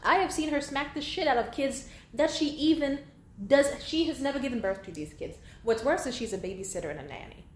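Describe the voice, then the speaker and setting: A 22-year-old woman vlogger vents bluntly and with profanity in a candid monologue. Her voice is high-pitched, fairly quick and lively in intonation, recorded in an echoey room with a faint hum behind it.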